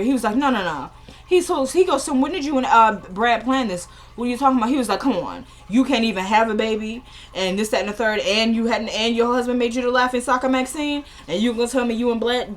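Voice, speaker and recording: A woman's voice: medium pitch, fairly bright tone. A woman casually recapping a TV episode, retelling each scene through quoted dialogue with exasperated asides. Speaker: show recapper.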